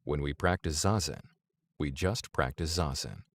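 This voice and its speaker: A man narrating an audiobook in a measured, deliberate reading voice. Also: very deep voice, dry recording.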